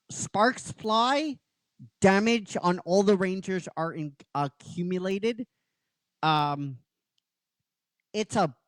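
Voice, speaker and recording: Animated man retelling a story, slow. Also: high voice, no room sound. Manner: animated, with restarts and emphatic stresses. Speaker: host. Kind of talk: enthusiastic episode retelling.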